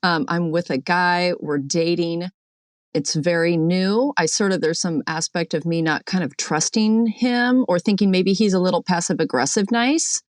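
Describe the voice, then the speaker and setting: A woman calling in from a boat, telling her dream in a chatty, animated way with lots of fillers, acting out what people said. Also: fairly low pitch, normal speed, no room sound, clean studio sound. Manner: chatty, animated storyteller, many fillers, acts out quotes. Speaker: caller. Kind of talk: recounting a dream on a call-in show.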